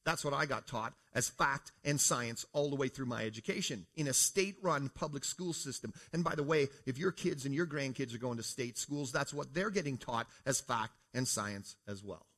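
A man's voice: medium pitch, normal speed, few pauses, fairly bright tone. Canadian man preaching to a congregation. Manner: conversational, asks the audience questions, says "folks". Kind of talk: creation apologetics talk to a congregation.

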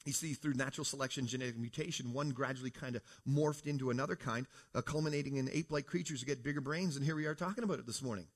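This Canadian preacher rattles through his creation apologetics talk at rapid-fire speed, barely pausing, in a mid-range voice. He talks to the congregation like a conversation, asking them questions and saying "folks".

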